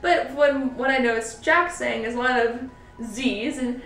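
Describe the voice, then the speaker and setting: With a high, lively voice at a measured pace and a fairly bright tone, a young college woman hosts a casual cosplay makeup and costume tutorial. She giggles often and peppers her talk with "like." Faint music and room echo surround her distant voice.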